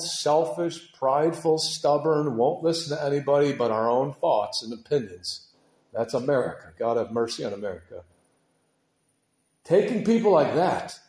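Male preacher, impassioned sermon, casual slang, hushed to loud, mid-pitched voice, roomy echo. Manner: impassioned, swings from hushed to shouting; casual slang like dude and man.

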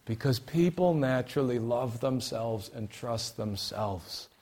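A man preaching a sermon, swinging between hushed, quiet stretches and loud, emphatic bursts, repeating key phrases for emphasis. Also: medium pitch, animated, unhurried.

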